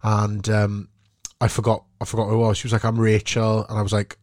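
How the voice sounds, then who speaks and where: A Welsh man hosting a podcast, telling an animated story and laughing easily. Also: fairly low pitch, brisk, no echo, studio quality. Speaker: podcast host, actor. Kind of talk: casual chat, storytelling.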